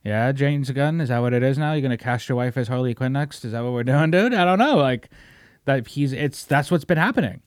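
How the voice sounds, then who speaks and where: A man's voice: medium pitch, expressive, brisk, no echo, clean studio sound. A man hosting a podcast in casual banter, loose and profane, riffing on jokes. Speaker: podcast host.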